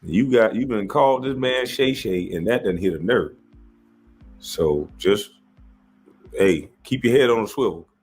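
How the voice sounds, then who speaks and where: A husky man delivers a mocking rant, his pitch leaping up and down with lively swings. Faint music plays underneath. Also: measured pace, pauses often. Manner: mocking, impersonates others in high put-on voices. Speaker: commentator reacting to a controversy. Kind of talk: animated rant commentary.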